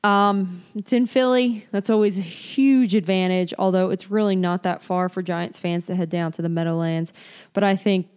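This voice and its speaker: A woman's voice: mid-range voice, fairly even intonation, normal speed, a little mellow, clean tone. A woman hosting a casual sports podcast at home, chatty and opinionated, often restarting and correcting herself mid-sentence. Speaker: podcast host.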